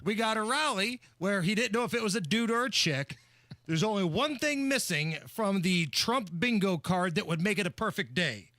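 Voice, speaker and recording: A man hosting a talk radio show, recapping news in a brisk, wisecracking way on a studio microphone. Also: high voice, expressive, sharp tone, no echo.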